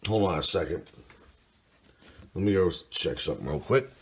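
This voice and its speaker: A man's voice: low-pitched, expressive, slightly rough. A man hosting a casual card-opening video, reading off player names one by one with mild enthusiasm. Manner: unhurried, reads names aloud, mild enthusiasm. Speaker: card collector host. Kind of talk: casual card-break commentary.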